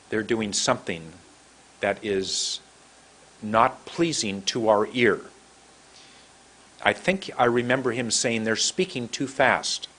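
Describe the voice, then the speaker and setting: With a medium-pitched, slightly bright voice, a middle-aged pronunciation teacher from the United States, who has a San Francisco American accent, tells a story to camera. He shows how he shapes his mouth and draws his words out long.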